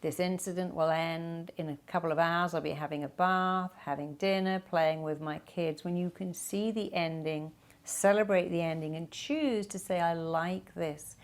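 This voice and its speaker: Woman, middle-aged, low-pitched, emphatic self-help speaker answering viewer questions. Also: steady tone, normal speed, few pauses. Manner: emphatic, acts out quoted speech.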